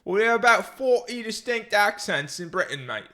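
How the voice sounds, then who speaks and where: A man's voice: high voice, sing-song, moderate pace, bright, forceful tone, voice pushed up, exaggerated voice. A man putting on a playful Cockney accent as a joke, tacking "mate" onto his lines. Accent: Cockney, put on.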